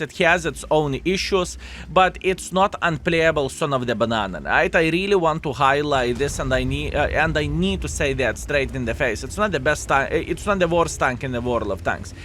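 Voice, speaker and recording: A man's voice: on the high side, normal speed, a bit bright, a little hiss or hum. A man giving live commentary over his own gameplay, chatty and frank, often turning to viewers with tag questions, his English phrasing plainly non-native.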